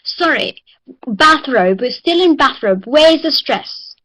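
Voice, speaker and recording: A woman's voice: sits high, animated, fairly bright tone, rough recording. A woman from South Africa with a South African accent, teaching an online English class and praising her students often. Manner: encouraging, drills words slowly.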